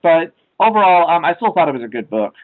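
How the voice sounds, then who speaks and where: A man's voice: a little high, big pitch swings, fast talker, poor audio. A young man co-hosting a casual podcast chat, rambling with many ums and uhs. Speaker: podcast co-host.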